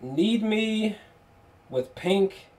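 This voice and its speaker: A man casually reviewing an album on video, excitable and profane, laughing often and restarting his sentences. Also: high voice, very slow.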